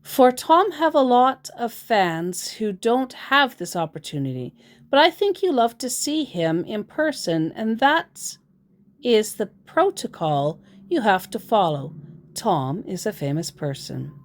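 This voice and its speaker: A woman voicing a pushy male scammer who poses as a celebrity's assistant and writes in broken English, reading his messages aloud with slow, insistent emphasis. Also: medium pitch, big pitch swings, pitched above the performer's own voice.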